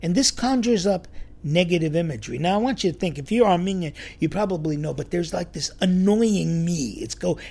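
A man telling a church story in a sermon, lively and acting out the quoted voices. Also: high voice, fast talker, vocal fry, slightly rough. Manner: animated storyteller, acts out quotes.

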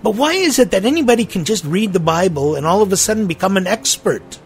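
A man's voice: high voice, animated, fast, few pauses, faint music behind. A man who is a priest, hosting his own spiritual podcast in a playful, tongue-in-cheek, conversational way.

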